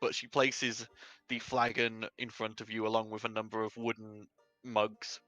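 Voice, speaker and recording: A man's voice: lowish voice, monotone, moderate pace, sharp tone, dry recording, soft background music. A man running a tabletop game as game master, describing scenes in a rambling way full of "sort of" and "um".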